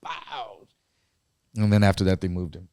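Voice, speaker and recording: A man co-hosting a podcast, telling a story in a casual, profane and animated way. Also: sits low, a little slow, clear, resonant tone, dry recording, clean studio sound. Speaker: podcast co-host.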